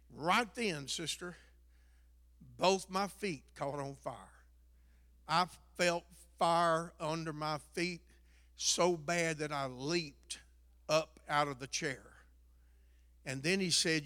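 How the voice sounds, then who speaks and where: A man gives his testimony as a sermon in a church. His voice sits high for a man, and the recording is dry and close. He moves from hushed, confiding storytelling to loud, impassioned calls to the congregation. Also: slow, no echo, big-room sound. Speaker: preacher.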